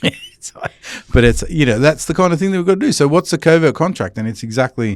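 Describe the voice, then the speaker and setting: A man's voice: on the high side, expressive, fast talker, no room sound. A man hosting a casual podcast conversation, blunt and swearing, who acts out other people's voices.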